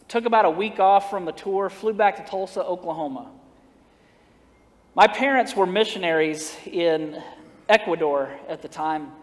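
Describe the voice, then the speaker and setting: A man preaching a storytelling sermon, folksy and humorous, acting out the dialogue of his story. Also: high-pitched. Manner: folksy, humorous, acts out dialogue, laughs at own jokes. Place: church sanctuary. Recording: long reverb of a church sanctuary.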